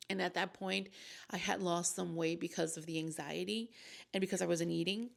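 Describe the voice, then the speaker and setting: A woman's voice: lowish voice, steady tone, normal speed, creaky. A young woman vlogger telling a personal story in a casual, emotional, rambling way with lots of fillers.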